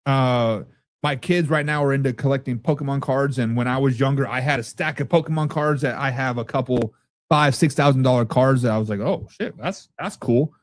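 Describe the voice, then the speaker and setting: A man hosting a casual football talk show, reading viewer comments and reacting loudly with profanity. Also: mid-range voice, fairly even intonation, a little fast, no echo. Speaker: podcast host reading live chat.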